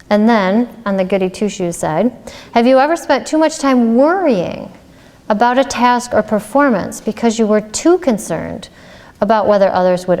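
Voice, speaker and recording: A woman's voice: medium pitch, a little mellow. Woman lecturing in a reverberant hall. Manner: conversational, with rhetorical questions and some "um"s. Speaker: ethics lecturer. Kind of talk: public lecture.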